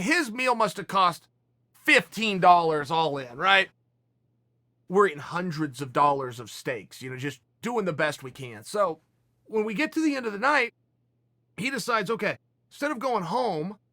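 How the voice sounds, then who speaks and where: Bright, high-voiced male storyteller. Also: no room sound, studio quality. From Oregon, US. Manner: animated, emphatic storyteller with frequent restarts. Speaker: podcast host. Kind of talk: casual storytelling.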